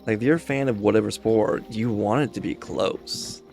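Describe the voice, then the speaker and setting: A man's voice: fairly low pitch, moderate pace, vocal fry, a little mellow, soft background music. A man streamer chatting casually while he plays a game, rambling and easygoing as he thinks aloud. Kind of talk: casual chat while gaming.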